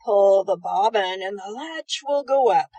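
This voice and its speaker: A woman voicing a wicked male wolf pretending to be a grandmother, in a low, mock-sweet croon. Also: expressive, unhurried, dark tone, no room sound, dull audio. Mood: feigning granny. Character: sly wicked male wolf posing as granny.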